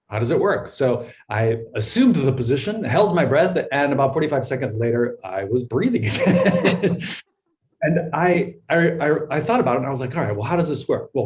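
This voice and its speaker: A middle-aged man, interviewed as a guest, tells his life story in an earnest, reflective way, often repeating words as he thinks. His voice is mid-range and a little mellow, and the audio quality is poor.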